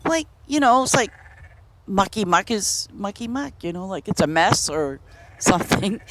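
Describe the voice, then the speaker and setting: A woman's voice: medium pitch, expressive, unhurried, background noise. A woman chatting casually while she streams a game, rambling from story to story and laughing often. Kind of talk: casual chat while playing. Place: home, in Boston.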